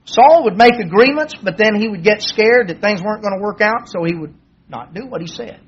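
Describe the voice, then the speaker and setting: Husky high-voiced man preaching. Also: expressive, fairly quick. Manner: conversational, acts out quoted dialogue in a raised voice. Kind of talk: sermon retelling a Bible story. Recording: dull lo-fi sermon recording.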